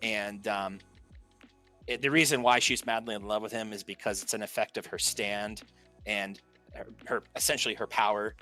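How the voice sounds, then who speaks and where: A man telling anime stories on a podcast, with a bright, edgy voice and an animated, playful delivery. He acts out the characters' lines as he goes. Faint music plays underneath. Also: on the low side, moderate pace. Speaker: podcast co-host. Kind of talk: casual chat.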